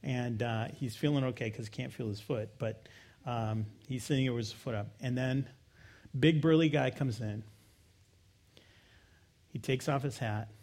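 A middle-aged man preaching a sermon, telling a personal story and swinging from loud emphasis to quiet, low asides. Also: normal speed, long pauses. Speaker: pastor.

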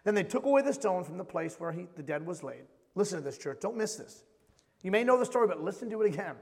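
Male pastor, high voice, fervent sermon delivery that drops to near whispers, reverberant sanctuary. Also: sing-song, fast. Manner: impassioned, swings between loud and hushed, repeats phrases. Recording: long hall reverb.

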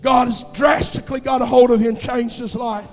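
A male pastor preaching a fervent sermon in a church, swinging between hushed, intimate passages and loud, shouted exhortations. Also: extremely high pitch, little pitch movement, normal speed, big-room sound, soft background music. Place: church sanctuary.

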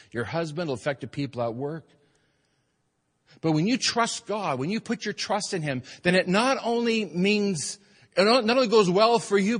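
A man preaching a sermon as pastor, emphatic, swinging between loud urgent passages and quiet earnest ones. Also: a little high, in a large hall. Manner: emphatic preaching, rising and falling in force.

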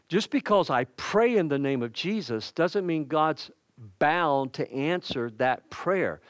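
A man's voice: on the high side, dry recording, studio quality. An older man preaching a sermon as pastor, folksy and conversational, with personal asides and light humor. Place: church.

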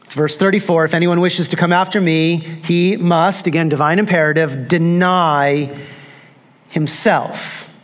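A man's voice: fairly high pitch, steady tone, a little slow. A man. He drives his points home by repeating key phrases and asking the congregation rhetorical questions. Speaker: pastor. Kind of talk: sermon.

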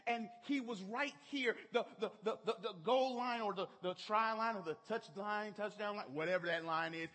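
A middle-aged man preaching a sermon in church, telling a story emphatically. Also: high voice. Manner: emphatic storytelling, rising to shouts.

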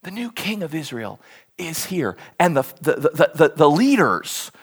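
Lively, husky-voiced preacher. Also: mid-range voice, unhurried. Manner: animated storytelling with sudden hushed asides. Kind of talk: sermon.

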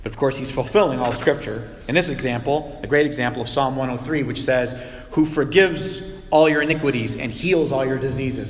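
A man preaching a sermon in a lively, conversational way, breaking into acted outbursts. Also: medium pitch, fairly quick, slight background noise. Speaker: pastor. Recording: echoey hall with long reverb.

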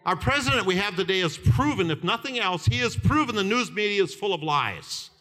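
High, fervent older male preacher. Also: animated, a little fast. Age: 70s. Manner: fervent, storytelling, often shouting and laughing. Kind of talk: sermon. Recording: reverberant hall.

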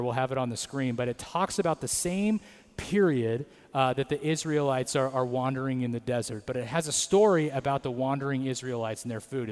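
A man preaching a sermon in a conversational way, dropping in quick tag questions and acting out scripture and God's lines with humor. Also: medium pitch, in a large hall. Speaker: pastor.

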